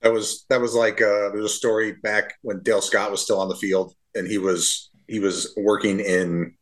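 A man's voice: fairly low pitch, flat delivery, normal speed. A man, a baseball umpire, chatting as a podcast guest in an easygoing way, often trailing off mid-sentence. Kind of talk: casual chat.

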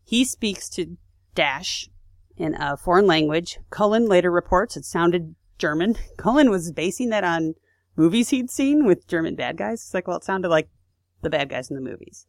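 A woman's voice: fairly low pitch, lively intonation, moderate pace, no room sound, studio quality. Chatty woman telling history. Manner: chatty, with fillers and asides. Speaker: podcast co-host. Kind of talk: casual history storytelling.

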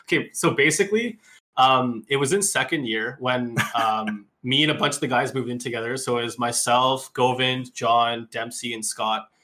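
A man's voice: mid-range voice, moderate pace, pushed and bright. A young man who is a guest on a casual podcast, telling a rambling story in a bedroom. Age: young adult. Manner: rambling, many "like" fillers. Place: bedroom in a city apartment.

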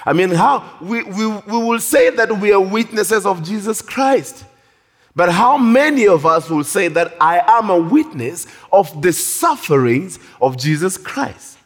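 A man preaching a sermon in a church hall with animated, drawn-out emphasis. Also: high-pitched. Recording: long reverb of a large hall.

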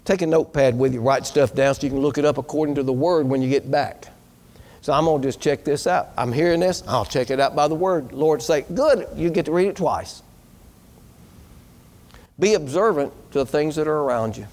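A man's voice: fairly high pitch, fast talker, darkish tone. A man preaching a sermon as pastor, exhorting the congregation in a folksy way and asking them questions.

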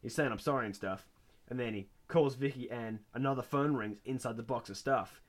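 Animated man recapping a TV episode. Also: brisk. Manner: acts out characters in high excited voices while retelling. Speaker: podcast co-host. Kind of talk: casual chat recapping a TV episode.

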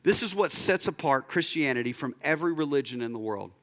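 A young man preaching a sermon as a pastor, telling a story and acting out the voices in it, dropping low and slow for emphasis. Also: expressive, fairly bright tone.

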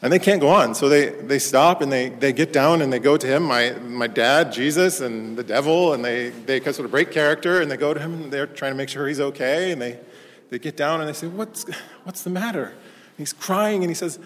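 A parish priest with a mid-range voice moves briskly through a sermon in church, telling stories in a casual, conversational way and getting lively in the anecdotes. A long reverb tail follows his words.

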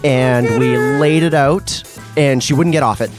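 A man's voice: mid-range voice, measured pace, soft background music. A man co-hosting a talk show, telling a story in easygoing casual chat. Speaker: radio show co-host.

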